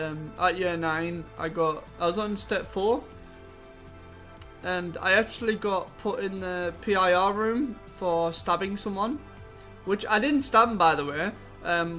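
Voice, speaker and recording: A young man telling rambling, profane school stories in a casual vlog. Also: high-pitched. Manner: rambling, profane, animated when angry. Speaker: vlogger. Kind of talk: casual storytelling.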